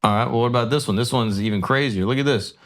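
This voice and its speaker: A man's voice: medium pitch, fast, a bit bright. A man co-hosting a podcast, reading articles aloud with a wry edge in casual chat. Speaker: podcast co-host.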